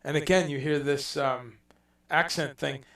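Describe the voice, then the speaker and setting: A man hosting a casual livestream chat, telling stories in a rambling, animated way and dropping in profanity. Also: a little high, unhurried, roomy sound, distant mic. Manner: rambling, animated storytelling with mock accents and profanity. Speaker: livestream host.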